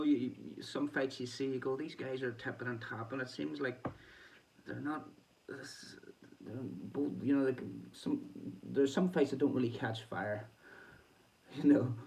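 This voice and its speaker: A man's voice: medium pitch, a little mellow. Chatty Northern Irish man, distant mic. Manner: rambling, chatty, laughs often. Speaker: boxing vlogger. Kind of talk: casual diary-style vlog. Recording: distant mic with faint background noise.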